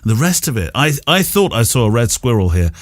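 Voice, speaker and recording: A man's voice: medium pitch, sing-song, fairly quick, no room sound, studio quality. A man, hosting a podcast interview in casual chat, thoughtful and prone to stammering restarts. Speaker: podcast host.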